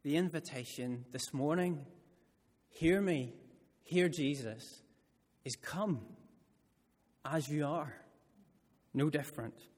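A man preaching a sermon who tells stories with expression and slows right down to stress key words. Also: fairly high pitch. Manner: expressive storytelling delivery, slowing down for emphasis. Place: church hall. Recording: church hall with long reverb.

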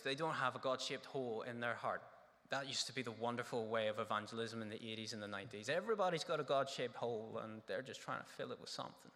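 A man's voice: mid-range voice, bright, forceful tone. A man preaching a sermon, earnest and full of rhetorical questions. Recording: echoey hall reverb.

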